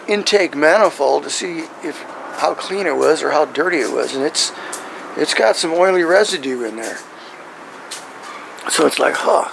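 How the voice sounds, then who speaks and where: Man, gravelly, rambling, keeps asking "right?", casual how-to, outdoors, faint background noise. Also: a little high, low-quality recording. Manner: rambling, checks in with "right?" and "okay?". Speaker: truck owner showing his engine.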